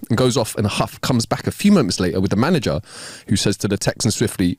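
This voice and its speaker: A man's voice: lowish voice, quick pace, husky, no echo, studio quality. A man, co-hosting a podcast, reading jokes aloud and laughing between them. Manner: animated, laughs a lot while reading jokes. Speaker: podcast co-host. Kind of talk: casual joke-telling chat.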